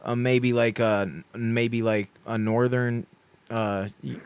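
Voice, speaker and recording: A man's voice: mid-range voice, level tone, slow, clear, resonant tone. A man co-hosting a casual radio show who stumbles and hesitates through his question. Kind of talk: casual interview chat.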